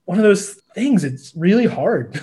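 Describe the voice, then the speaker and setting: A man's voice: high-pitched, sing-song, measured pace, dark tone, husky. A man co-hosting a podcast, talking casually with lots of fillers and light laughter. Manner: rambling, many fillers and laughs. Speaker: podcast co-host. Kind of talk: casual chat.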